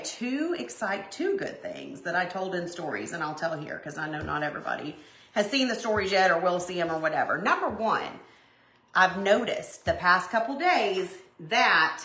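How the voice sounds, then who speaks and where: Recorded in an echoey room, a woman hosts a live crafting stream and talks loosely with viewers, wandering off into many asides. Her voice sits fairly low and sounds a bit bright.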